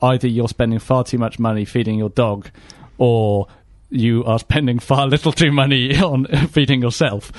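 A man co-hosting a casual podcast rambles through jokes, fillers and restarts. His voice sits at an ordinary middle pitch. The sound is dry and close, with no room echo. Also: fairly even intonation, normal speed, few pauses. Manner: rambling, joking, many fillers. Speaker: podcast co-host. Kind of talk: casual comedic chat.

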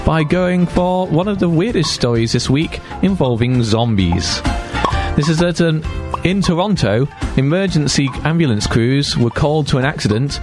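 A man's voice: a little high, animated, normal speed, over music. A young man hosting a casual chat about weird news, talking with some hesitation and restarts. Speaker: host.

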